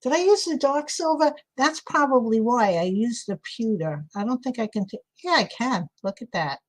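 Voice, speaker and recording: High-voiced chatty New York woman. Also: expressive, normal speed, low-quality recording. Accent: New York City. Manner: chatty, thinks aloud while working. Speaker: craft livestream host. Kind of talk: casual live crafting chat.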